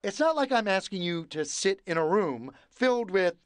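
A woman's voice: mid-range voice, big pitch swings, moderate pace, no echo, natural voice. A woman voicing a pushy, whiny cartoon pigeon in a game, wheedling and bargaining with big dramatic outbursts. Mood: pleading. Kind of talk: animated game character voice.

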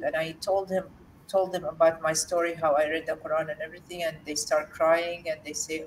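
A woman from Jordan, a guest in an interview, telling a personal story in an earnest, halting way with many fillers and restarts. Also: sits low, little pitch movement, slight background noise. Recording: distant mic with faint room ambience.

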